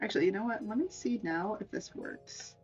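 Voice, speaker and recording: A woman's voice: medium pitch, brisk, darkish tone, dull audio, faint music behind. A woman streamer in playful, casual live-stream chat, laughing often. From United States.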